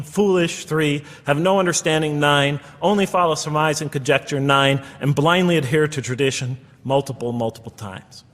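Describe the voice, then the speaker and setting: Husky man lecturing in an echoey hall. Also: on the high side, fairly bright tone. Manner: earnest, quoting and tallying references. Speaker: speaker giving a public talk. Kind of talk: lecture to an audience.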